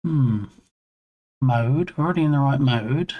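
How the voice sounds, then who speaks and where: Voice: medium pitch, a little slow, highs cut off. A live streamer debugging a hardware setup, muttering through each step, reading on-screen settings aloud and breaking off to greet viewers in chat. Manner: muses to self, reads screen text aloud, chats with viewers. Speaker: game dev streamer. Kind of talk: live-stream thinking aloud while troubleshooting. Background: headphones on.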